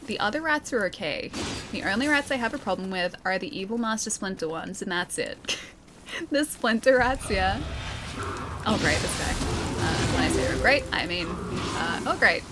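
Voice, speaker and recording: Against a noisy background, a young woman with a light Australian accent and an expressive, medium-pitched voice gives casual commentary on her game stream at normal speed. She reads chat aloud, giggling, chatting and poking fun at herself.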